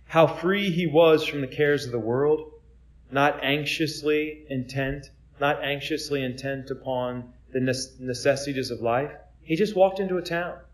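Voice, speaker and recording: A Catholic friar preaches informally in a conversational style, packing his talk with rhetorical questions and repeating words as he restarts. He has a fairly high pitch and a measured pace.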